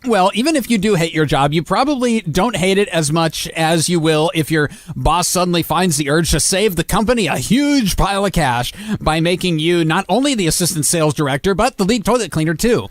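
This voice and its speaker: A man's voice: sits high, lively intonation, fairly quick, hardly any pauses, no echo. Joking man co-hosting a radio show. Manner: joking, laughs often, many fillers and restarts. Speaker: radio co-host. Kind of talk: casual on-air banter. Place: radio studio.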